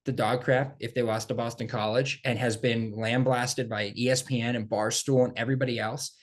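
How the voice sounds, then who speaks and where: A man co-hosting a casual sports podcast, talking in an animated, emphatic way and repeating phrases for effect. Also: mid-range voice, fairly quick. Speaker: podcast co-host.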